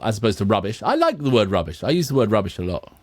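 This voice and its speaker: A man's voice: lowish voice, big pitch swings, fast talker. Guy, bouncy up and down voice, reads out notes, laughs lots. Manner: laughing often, steering the talk back on track. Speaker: co-host of a music reaction channel. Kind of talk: casual chat and reading notes.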